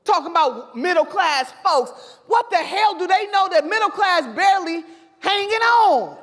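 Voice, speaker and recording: Fiery high-voiced woman speaking in a hall. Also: lively intonation, moderate pace. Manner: fiery, preacher-like cadence with shouted repetitions. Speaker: convention speaker. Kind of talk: impassioned political speech. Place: large convention hall. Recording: long hall reverb.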